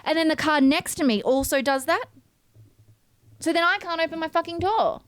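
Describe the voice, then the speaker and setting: A woman's voice: very high-pitched, normal speed, no room sound. A woman co-hosting a podcast, telling stories in a wry, exasperated way. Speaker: podcast co-host. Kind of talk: casual chat.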